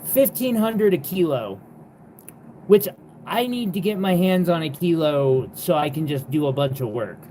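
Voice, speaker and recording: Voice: mid-range voice, lively intonation, a little slow, dark tone, slight background noise. A young adult jewelry seller hosting a live sale, talking in a rambling, exasperated way with lots of fillers and the odd swear word. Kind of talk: casual livestream chat.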